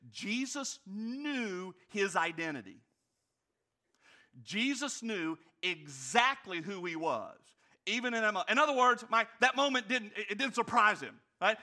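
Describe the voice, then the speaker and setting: A male pastor delivering a sermon with a bright, forward tone and a voice pitched a little high for a man. He leans on rhetorical questions, slows right down on key phrases and slips in light humorous asides. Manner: animated, rhetorical questions, emphatic slowed phrases.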